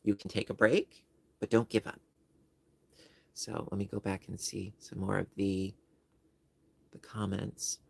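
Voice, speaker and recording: A man's voice: fairly low pitch, little pitch movement, unhurried, creaky, pauses often, slightly rough, no echo. A man hosting a crochet livestream, chatting casually with viewers and explaining stitches step by step. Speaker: crochet channel host. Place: home livestream setup.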